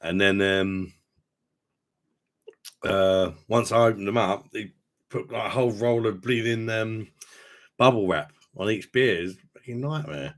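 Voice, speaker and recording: A man's voice: on the low side, unhurried, long pauses. A man, hosting a casual livestream chat, swearing and laughing as he talks. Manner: chatty, swears, laughs a lot. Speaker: host.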